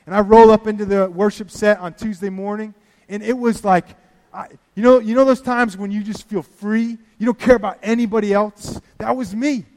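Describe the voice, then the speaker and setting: A high-pitched male preacher delivers a sermon in a lively storytelling way, acting out his own prayers. His voice rings out in a hall with a long, trailing reverb. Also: moderate pace. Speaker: pastor.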